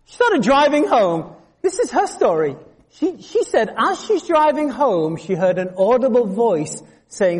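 Animated preacher in a reverberant hall. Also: male voice, sits high, normal speed, breathy edge. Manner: animated storytelling, acting out voices. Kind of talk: sermon.

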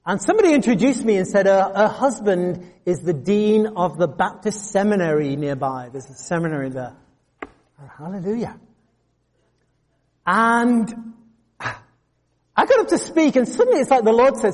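A man with a high voice preaches a sermon to a congregation at a normal pace in a large hall. He tells stories with animation, acting out the voices of the people in them.

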